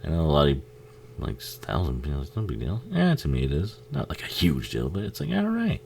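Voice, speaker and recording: A man's voice: extremely low pitch, wildly swooping pitch, a little fast, creaky, darkish tone, slight background noise. A man giving a casual, rambling watch-along commentary on a film, swearing freely and laughing often.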